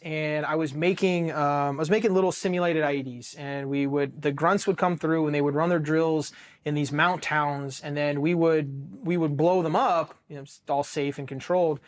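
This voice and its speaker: A man in his thirties from Ohio, a military veteran telling his story candidly, blunt and heavily profane, with flashes of emotion. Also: on the high side. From Ohio, USA.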